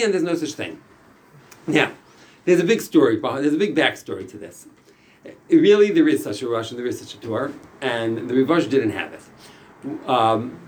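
A man teaching a small class, explaining step by step with frequent restarts. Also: fairly high pitch. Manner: animated, explanatory, frequent restarts and Yiddish-Hebrew terms. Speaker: Torah teacher.

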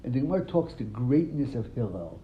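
A man's voice: medium pitch, big pitch swings, a little fast, slight background noise. A man teaching a Talmud class, quizzing his students and retelling stories animatedly, often repeating words. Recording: dull lo-fi sound, faint room ambience.

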